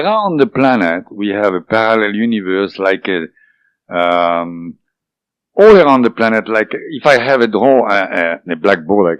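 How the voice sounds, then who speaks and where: A man whose first language is French, telling his story as an interview guest, halting and full of fillers and restarts. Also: lowish voice, no echo. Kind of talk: recounting a personal experience in an interview. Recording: dull lo-fi dry recording.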